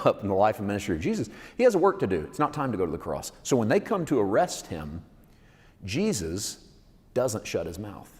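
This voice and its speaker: A man's voice: lowish voice, darkish tone. A male preacher giving a conversational sermon that builds to emphatic fervor. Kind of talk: sermon teaching. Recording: long hall reverb.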